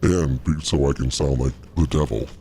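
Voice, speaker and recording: A man voicing an angry male Satan who goads and barks crude commands, with a gravelly voice and a reverb effect. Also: rumbling low, moderate pace, a loud crowd, pitched below the performer's own voice. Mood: goading. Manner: goading, barking commands.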